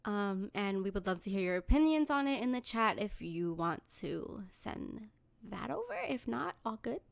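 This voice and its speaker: A woman from New York City co-hosting a casual podcast, telling profane, animated stories with laughs. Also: medium pitch, moderate pace, creaky. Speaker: podcast co-host. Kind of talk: casual chat.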